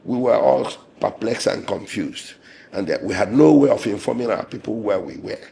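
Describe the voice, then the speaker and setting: Hoarse, gravelly man. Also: lowish voice, expressive, warm tone, a little hiss or hum. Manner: measured and indignant, with pauses and fillers. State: hoarse, losing his voice. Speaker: lawyer and interviewee. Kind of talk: interview recounting an ordeal.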